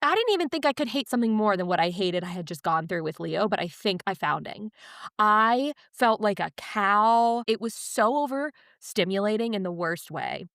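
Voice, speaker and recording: A woman's voice: medium pitch, normal speed, no room sound, studio quality. A young woman on a podcast, telling a personal story in a candid, emotional, confiding way. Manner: emotional, confiding, animated retelling. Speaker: podcast guest.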